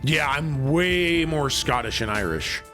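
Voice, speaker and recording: A man's voice: fairly high pitch, lively intonation, measured pace, pushed and bright, soft background music. A young man from Canada, chatting casually and rambling on stream.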